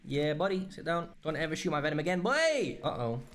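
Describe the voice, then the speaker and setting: A man in his twenties from Portugal, giving excitable, exclaiming, slang-filled commentary over his own gameplay. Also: a little high, fast, background noise. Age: 20s. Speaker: gaming creator.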